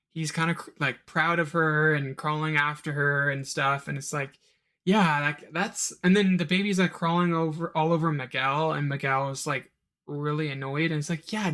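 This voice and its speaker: A man hosting a solo podcast and reviewing a film, rambling with asides and mimicking characters' lines. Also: pushed and bright. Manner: rambling, quick asides, mock-quotes characters in a higher voice. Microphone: home recording of a live stream.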